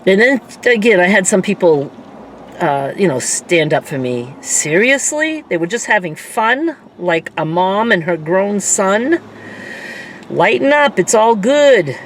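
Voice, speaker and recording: A woman's voice: mid-range voice, big pitch swings. A middle-aged woman talking candidly to her viewers in a rambling personal vlog, with faint vehicle noise behind her. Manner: candid, rambling, quick to laugh. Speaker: vlogger.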